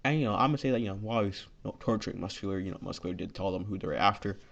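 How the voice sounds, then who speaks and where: A man's voice: on the low side, steady tone, racing, vocal fry. Rambling man with a lo-fi mic. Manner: rambling, heavy with 'you know' and 'like'. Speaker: fan fiction storyteller. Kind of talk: improvised story narration. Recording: dull lo-fi recording.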